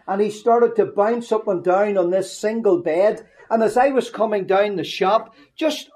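A middle-aged Northern Irish man preaching in a lively storytelling way, full of humorous asides. His voice sits fairly high but sounds mellow and warm. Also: unhurried. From Northern Ireland. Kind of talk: storytelling sermon.

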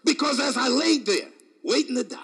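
A man preaching with a high, bright voice that leaps up and down across a wide range. His delivery is dramatic, moving from near-shouts to hushed asides, with frequent chuckles between phrases. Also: animated, normal speed, vocal fry, slightly rough. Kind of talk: sermon.

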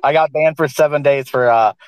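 A man's voice: on the high side, brisk, smooth, no room sound, poor audio. A man with a Southern US accent, chatting casually and rambling, full of "dude" and "like.". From American South. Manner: rambling, says "dude" and "like" a lot. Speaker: guest speaker. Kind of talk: casual live audio chat.

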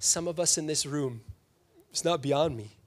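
Chatty young man preaching, fairly high voice. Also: normal speed. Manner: chatty, self-deprecating, frequent "right?" asides. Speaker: pastor. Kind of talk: casual conversational sermon. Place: church sanctuary.

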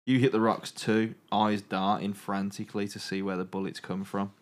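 Man, very deep voice, podcast host, story narration, joking. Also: little pitch movement, moderate pace. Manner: dramatic narration broken by laughs and jokes. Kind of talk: reading an interactive story aloud.

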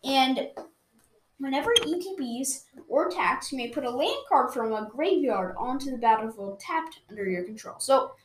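A woman's voice: high voice, expressive, moderate pace. A woman reviewing cards in casual chat, enthusiastic and argumentative, rambling with restarts. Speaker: card game reviewer. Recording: roomy echoey room.

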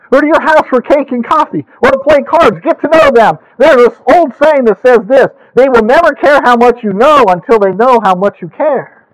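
High-voiced male preacher telling stories. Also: low-quality recording. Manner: storytelling, animated with rising emphasis. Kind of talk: sermon.

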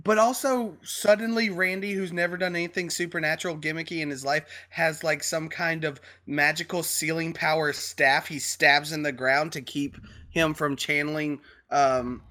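A man with a slightly high voice in casual podcast chat. He talks in an animated way and swears freely when worked up. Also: normal speed, few pauses. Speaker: podcast co-host.

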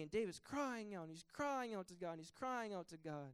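A man preaching with fervent passion, his voice pitched high and ringing clear. The sound is dry and close, with no room echo. He surges to loud, emphatic peaks and then drops back. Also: expressive, a little fast, few pauses. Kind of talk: sermon.

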